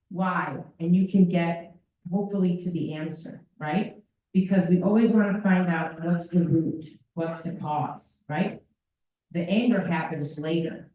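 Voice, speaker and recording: A woman's voice: lowish voice, unhurried, darkish tone. A woman presenting at a parent workshop, talking animatedly and acting out children's voices. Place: school meeting room. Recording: echoey room from far off.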